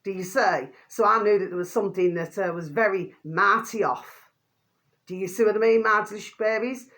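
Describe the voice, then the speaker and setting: A woman's voice: medium pitch, brisk, a bit bright. A woman vlogging an angry rant to her viewers, swearing mildly and calling them by a pet phrase again and again. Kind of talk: ranting monologue to camera.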